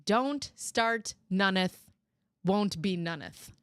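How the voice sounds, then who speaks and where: A woman chatting casually as a show host, telling lively stories. She jumps into high, loud impressions of other people and swears without a second thought. The sound is dry and close, with no room echo. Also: slow, clean tone. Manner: animated storytelling, mimics people in raised voices, swears freely. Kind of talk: casual chat.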